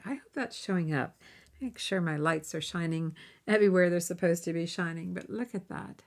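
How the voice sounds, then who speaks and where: A woman's voice: lowish voice, normal speed, creaky. A woman hosting a jewelry-making tutorial, chatting casually and thinking aloud as she works, with friendly tips along the way. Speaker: jewelry-making channel host. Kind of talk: casual how-to demonstration.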